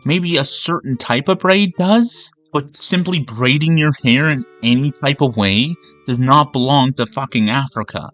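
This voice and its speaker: A man's voice: medium pitch, measured pace, hardly any pauses, fairly bright tone, faint music behind. A man from Canada ranting angrily and with a lot of swearing while streaming a game. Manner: angry, profane, rambling rant. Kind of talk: ranting commentary over a game.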